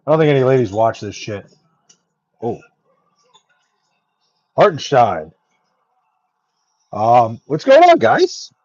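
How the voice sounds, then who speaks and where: A man's voice: mid-range voice, huge pitch swings, slow, pauses often, a little mellow, dry recording, muffled recording. A young man chatting casually on a livestream, reading chat aloud, loose and profane with lots of ums.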